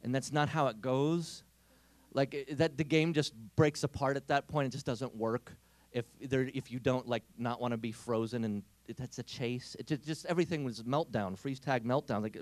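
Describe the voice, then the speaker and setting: A man giving a comic storytelling talk at a Catholic youth event, animated and acting out the characters' voices. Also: mid-range voice, moderate pace, no echo.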